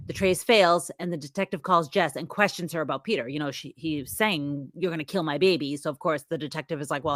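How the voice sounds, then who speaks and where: A woman with a fairly low voice retells a movie's plot for her podcast co-hosts, chatty and animated. The sound is dry and close, with no room around it. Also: no room sound. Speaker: podcast co-host recapping the plot. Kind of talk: casual podcast chat.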